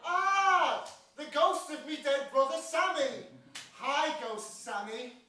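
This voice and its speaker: A man's voice: extremely high pitch, expressive, a little slow, bright, forceful tone, exaggerated voice. A man playing a hapless, down-on-his-luck man in a live stage sketch, fretful and melodramatic. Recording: echoey theatre from far off.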